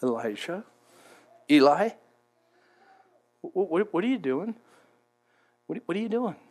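A man voicing God as a gentle, delicate whispering voice calling softly to a weary prophet. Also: fairly high pitch, very animated, a little slow. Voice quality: soft, breathy whisper. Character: God as a gentle, hushed male voice.

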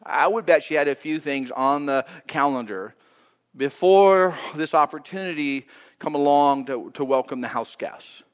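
A man preaching a sermon, animated, acting out the prayers he quotes with rising and falling pitch and loudness. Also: unhurried, clean tone, big-room sound. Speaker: pastor.

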